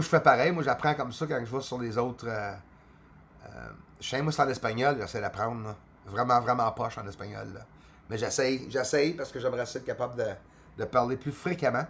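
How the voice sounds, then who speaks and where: A man with a Quebec French accent hosting a casual livestream, chatting with viewers, switching between English and French and swearing freely. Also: medium pitch. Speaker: space channel livestream host.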